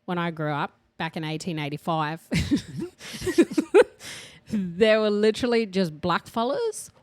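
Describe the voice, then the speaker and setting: An Australian woman co-hosting a podcast in casual, animated chat, using slang and laughing often. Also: lowish voice, slow, no echo. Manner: animated, laughing, uses slang like "you mob" and "bro". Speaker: podcast co-host.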